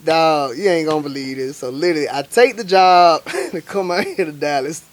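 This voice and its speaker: Young guy from alabama telling chef stories, animated, tons of slang fillers, kinda high pitched. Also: moderate pace. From Montgomery, Alabama, US. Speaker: guest chef. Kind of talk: casual storytelling.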